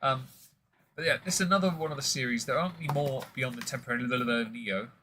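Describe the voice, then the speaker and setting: A man's voice: medium pitch, fast, noisy background. A man hosting a casual whisky tasting stream, rambling and joking with many fillers.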